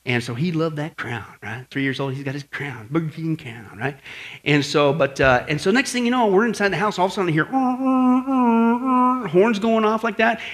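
A middle-aged pastor preaches with a high, bright voice. His pitch swings widely as he acts out shouts and tells stories, checking in with the listeners by asking "right?" again and again. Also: fairly quick. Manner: animated storytelling with acted shouts and asides; keeps asking the audience "right?". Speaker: pastor teaching apologetics. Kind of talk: sermon.

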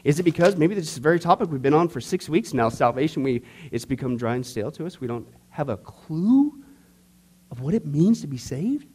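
A man teaching a church discipleship class in a conversational, animated way, joking with the class and acting out everyday people. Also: on the high side, a little fast, breathy edge. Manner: conversational, jokes with the class, acts out skeptics.

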